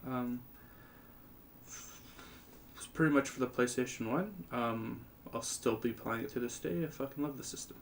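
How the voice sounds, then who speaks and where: Gravelly hesitant guy chatting. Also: medium pitch, a little slow, long pauses, a little hiss or hum. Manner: hesitant, filler-heavy, swears casually. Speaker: podcast co-host. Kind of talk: casual chat.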